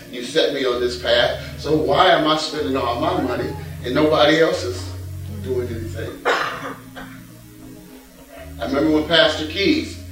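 A man delivers a sermon at an unhurried pace, folksy and returning again and again to one phrase. He is heard from a distance in a very echoey church, with faint music underneath. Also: mid-range voice, fairly bright tone. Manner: folksy preaching, repeats a catchphrase, reads scripture aloud. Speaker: pastor. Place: church sanctuary.

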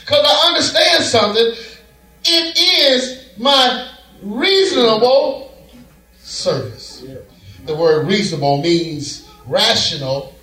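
High bright-voiced preacher in an echoing church. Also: male voice, lively intonation, slow, recorded from a distance, soft background music. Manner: rhythmic, folksy, rising to shouts. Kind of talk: sermon. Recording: echoey church heard from afar.

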